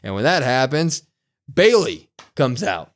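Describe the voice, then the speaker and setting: A young man talks through a wrestling show in loose, chatty podcast fashion. His voice sits at an everyday middle pitch, and he gets animated as he recaps. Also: a little slow. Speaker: podcast co-host. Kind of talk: casual wrestling review chat.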